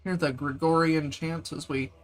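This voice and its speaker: A man's voice: on the high side, steady tone, moderate pace. Brief: a male streamer, loose and jokey, chatting with viewers between tasks. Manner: joking, chatty, talks to viewers. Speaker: game streamer. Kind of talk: casual gameplay commentary.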